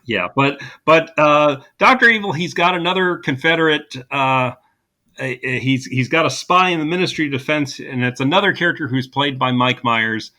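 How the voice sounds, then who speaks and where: A man with a slightly high, bright, forceful voice speaks at normal speed, co-hosting a podcast. He recaps a movie in casual chat, full of dry sarcastic jokes, frequent ums and restarts.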